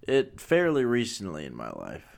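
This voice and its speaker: A man co-hosting a podcast, joking in a slow drawl and laughing often. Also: lowish voice, wildly swooping pitch, vocal fry. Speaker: podcast co-host. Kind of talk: joking banter.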